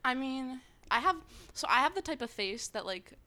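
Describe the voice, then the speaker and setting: A young woman guest on a podcast, telling stories in an animated, slangy way and laughing often. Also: sits high, moderate pace. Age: young adult. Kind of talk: casual storytelling.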